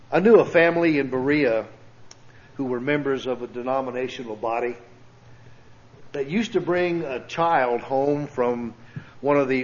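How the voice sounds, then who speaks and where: Male preacher, church sermon, earnest and pleading, unhurried drawn-out delivery, muffled lo-fi recording. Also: medium pitch. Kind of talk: sermon with storytelling. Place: church sanctuary.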